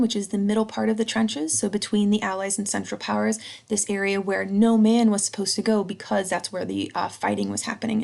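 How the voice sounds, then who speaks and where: A woman teacher delivers a recorded slideshow history lecture in a chatty, casual style, tacking on "right?" after each point. Her mid-range voice is creaky and a little mellow.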